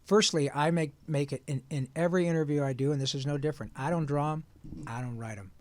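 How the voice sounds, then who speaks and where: A man in his sixties, a voice actor telling lively stories in an interview. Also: on the high side, fast talker. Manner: lively, breaks into sung lines and quoted voices. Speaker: guest voice actor. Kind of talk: animated interview storytelling.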